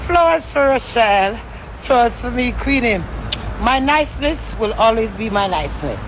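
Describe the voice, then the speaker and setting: A woman in a boastful social media clip, taunting and mocking in drawn-out phrases. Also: fairly high pitch, animated, noisy background.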